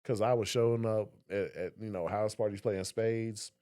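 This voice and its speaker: A young man co-hosting a podcast, telling stories in a casual, animated way and acting out voices. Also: lowish voice, moderate pace. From Southern West Virginia. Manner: animated storyteller, acts out voices. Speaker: podcast co-host. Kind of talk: casual conversation.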